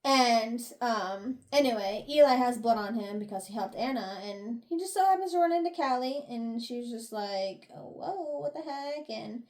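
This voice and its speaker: A woman co-hosting a book review podcast, recapping chapters in animated casual chat, swearing and laughing along. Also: fairly high pitch, normal speed, few pauses.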